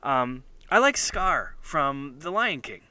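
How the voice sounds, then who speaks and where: A man's voice: on the high side, big pitch swings, takes it slowly, pushed and bright, dry recording. Enthusiastic rambling man. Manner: enthusiastic, rambling, many fillers. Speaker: podcast co-host. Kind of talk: casual chat.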